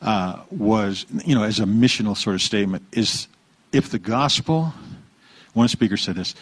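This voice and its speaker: A man preaching a conversational sermon, relaxed, asking the congregation questions and repeating their answers. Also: fairly low pitch, normal speed, husky, no room sound. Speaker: pastor.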